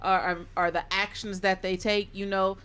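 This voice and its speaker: A woman's voice: mid-range voice, level tone, moderate pace, fairly bright tone, clear, resonant tone. A woman co-hosting a casual show, musing and gossiping in a chatty way. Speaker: co-host. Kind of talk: casual chat.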